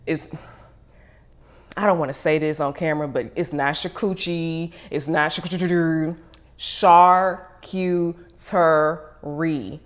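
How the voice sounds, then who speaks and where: A woman chatting casually and playfully while unboxing and tasting wine. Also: lowish voice. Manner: chatty, playful, self-teasing. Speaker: wine vlogger.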